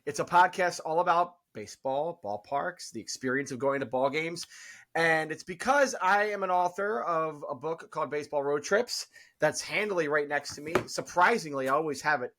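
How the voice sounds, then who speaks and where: A man co-hosts a podcast in casual, upbeat chat. His voice sits somewhat high, and he talks eagerly, often circling back over his own words. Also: moderate pace, a bit bright, slight background noise. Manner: enthusiastic, chatty, repeats himself. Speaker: podcast co-host.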